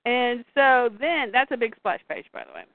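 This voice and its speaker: A woman with a fairly high voice co-hosts a casual chat, retelling scenes and reading lines of dialogue aloud. She sounds tinny and narrow, as if over a phone line. The sound is close and dry. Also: lively intonation, moderate pace, no echo. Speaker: comics podcast co-host. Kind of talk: casual chat, recapping a comic.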